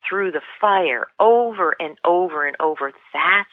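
A woman's voice: on the low side, animated, measured pace, no echo. A woman guest on a podcast, telling a story earnestly and with feeling, often restarting her sentences. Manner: earnest, emotional, many restarts. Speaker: guest author and leadership coach. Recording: tinny phone line, dry.

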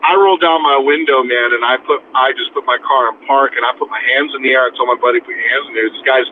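A man's voice: medium pitch, fast talker. Profane young man telling a story, tinny sound. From near the US-Mexico border. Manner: profane, animated, acts out quoted voices. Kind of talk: casual storytelling chat. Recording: tinny phone-like sound, faint noise.

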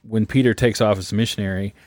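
A man's voice: on the low side, fast talker, no echo, clean studio sound. A man co-hosting a podcast, casually retelling stories with joking asides. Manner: relaxed storyteller, jokey asides. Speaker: podcast co-host. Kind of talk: casual podcast chat about the Bible.

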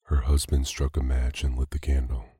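Very deep, husky male sleep-story narrator. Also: dry recording, clean studio sound. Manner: slow, calm, even reading.

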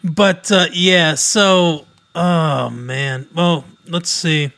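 A man co-hosting a casual podcast. His voice is bright and sits a little high. He reads entertainment news aloud and drops in dry, amused asides. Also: steady tone, very slow, creaky. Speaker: podcast co-host.

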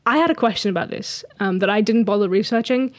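A woman co-hosting a casual podcast, playful and quick to mock outrage as she tells a story. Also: mid-range voice, lively intonation, no room sound. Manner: playful, indignant, giggly. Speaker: podcast co-host. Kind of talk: casual chat, reading a story.

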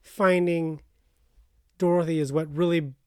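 A woman's voice: on the low side, fairly even intonation, unhurried, dark tone, clean tone, no room sound, studio quality. A woman co-hosting a casual podcast, rambling with many filler words. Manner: rambling, heavy use of "like". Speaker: podcast co-host. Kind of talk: casual chat.

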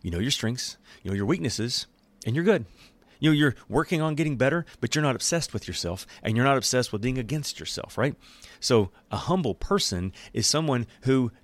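A man giving a casual, joking Bible teaching in an animated, conversational way. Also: medium pitch, a little fast, no echo.

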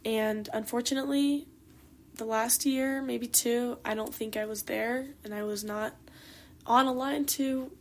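A young woman in her late teens speaks alone on her podcast, in a reflective monologue peppered with "like" and "you know." Her voice sits a little high and carries a creaky fry. She sounds candid and heartfelt. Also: steady tone, measured pace. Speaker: podcast host and competitive swimmer.

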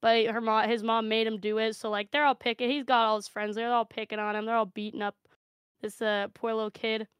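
A woman telling an improvised comic story with brash, deadpan delivery and free swearing. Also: fairly high pitch, fairly quick, smooth, no room sound, clean studio sound. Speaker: panelist.

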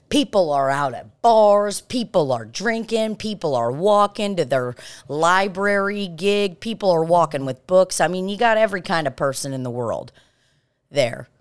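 A woman with a fairly low voice tells a story on a podcast. Her delivery is casual and animated, and she swears freely. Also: clear, resonant tone. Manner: animated and profane. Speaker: podcast host.

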